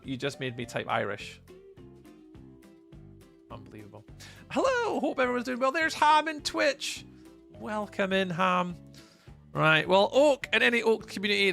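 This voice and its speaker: A man's voice: medium pitch, gravelly, pushed and bright. A man from Scotland with a Scottish accent, chatting casually on a live stream and reading out and answering chat while he plays.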